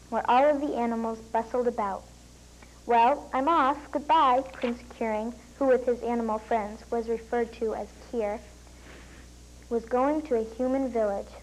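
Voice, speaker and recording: A woman's voice: on the high side, mellow, slight background noise, low-quality recording. Girl reading her story aloud.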